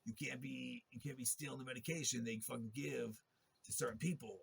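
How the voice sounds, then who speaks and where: A man's voice: mid-range voice, steady tone, brisk, vocal fry, breathy edge. A man in a long, rambling monologue, talking in a profane and agitated way. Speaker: interviewee telling his story.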